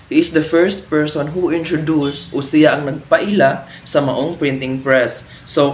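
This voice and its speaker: A young man with a Cebuano Filipino accent, reading a school history report slowly and carefully, stumbling over hard words. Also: a little high. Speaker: student presenter. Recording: echoey room with faint ambient noise.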